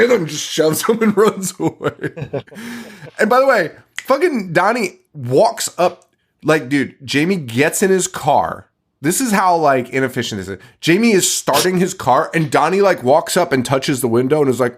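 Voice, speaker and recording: Animated, laughing male podcast host. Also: medium pitch, measured pace. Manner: animated, laughing, swears a lot. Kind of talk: casual movie recap chat.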